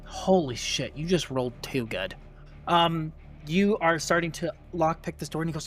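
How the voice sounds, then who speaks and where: A man's voice: a little high, lively intonation, normal speed. A man narrating a tabletop game as game master, in a casual style full of fillers. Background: faint music.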